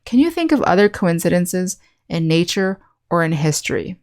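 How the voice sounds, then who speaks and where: Woman English teacher, lowish voice, clear, patient lesson delivery. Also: sing-song, a little mellow. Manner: clear, slow, teacherly explanation with example sentences. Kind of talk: scripted online lesson.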